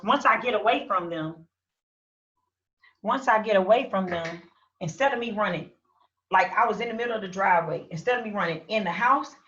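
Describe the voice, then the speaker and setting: A woman telling a personal story as an interview guest, animated, acting out her own shouts and quotes. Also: medium pitch. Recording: roomy, distant, dull lo-fi sound.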